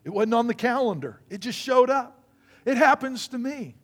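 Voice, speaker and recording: A man's voice: very high voice, lively intonation, normal speed, a bit bright. A male pastor preaching a sermon, telling stories and acting out the people in them. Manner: storytelling preacher acting out quoted voices.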